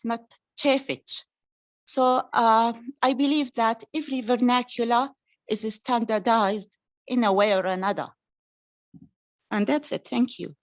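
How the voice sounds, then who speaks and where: Woman, higher voice, hesitant with fillers, muffled lo-fi video call audio. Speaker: audience member commenting. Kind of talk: academic comment in an online seminar.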